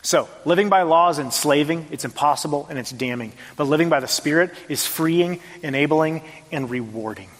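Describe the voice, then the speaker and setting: Male pastor, high voice, emphatic sermon delivery in a reverberant church hall. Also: normal speed, few pauses. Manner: emphatic, varied dynamics, rhetorical questions. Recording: long reverb of a large hall.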